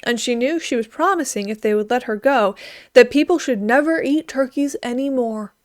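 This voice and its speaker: Woman reading a storybook aloud, kinda high voice, dry close sound. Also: normal speed, no echo.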